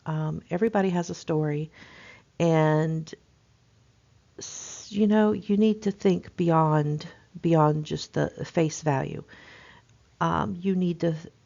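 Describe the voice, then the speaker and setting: A woman's voice: deep voice, steady tone, slow, gravelly, warm tone, muffled recording. A middle-aged woman nursing instructor giving a recorded lecture in a conversational, emphatic way, with frequent fillers.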